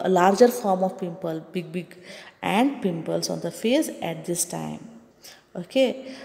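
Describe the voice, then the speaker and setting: A woman's voice: fairly low pitch, gravelly, a little mellow, big-room sound. A woman teacher giving a classroom science lesson, explaining step by step and often checking in with "okay" and "understood".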